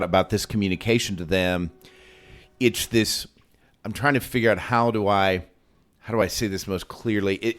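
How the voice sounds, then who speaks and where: A man co-hosting a casual Bible discussion, thinking aloud with many restarts and acting out quoted lines. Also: on the low side. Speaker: podcast co-host.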